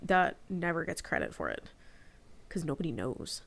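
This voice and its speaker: A woman's voice: sits low, huge pitch swings, moderate pace, creaky. A woman in her forties, a podcast guest, telling personal stories in a candid, reflective casual chat.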